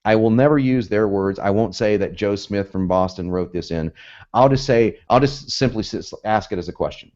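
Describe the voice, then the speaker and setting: A man's voice: lowish voice, normal speed, darkish tone. A man teaching in a casual, chatty way, often laughing and acting out the lines he quotes. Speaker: copywriting teacher. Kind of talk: casual instructional talk. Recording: dull lo-fi audio.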